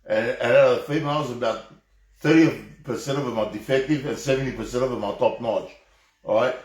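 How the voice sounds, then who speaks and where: Heated, swearing Australian man, echoey. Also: mid-range voice. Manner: heated, rambling, heavy swearing, repeated restarts. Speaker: live stream host. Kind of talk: profane off-the-cuff rant. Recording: echoey room.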